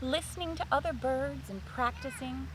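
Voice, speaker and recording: A woman's voice: high voice, sing-song, moderate pace. Sing-song woman reading a children's story.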